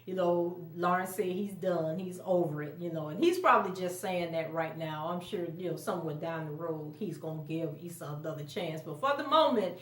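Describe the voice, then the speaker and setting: A woman's voice: fairly low pitch, normal speed, few pauses. A woman recapping a TV episode in a casual, chatty way, laughing often and acting out quotes in a raised voice. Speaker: TV recap vlogger. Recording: roomy echo, mic at a distance.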